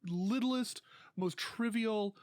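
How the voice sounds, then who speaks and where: A man's voice: high voice, slow pace, a little mellow, clean tone, no echo, clean studio sound. A man co-hosting a podcast, chatting casually with profane words and hesitant restarts. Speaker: podcast co-host. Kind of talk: casual chat.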